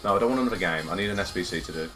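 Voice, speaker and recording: Low-voiced male streamer in casual live chat, excitable and foul-mouthed, loud game music behind. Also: racing. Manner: excitable, swearing banter with chat.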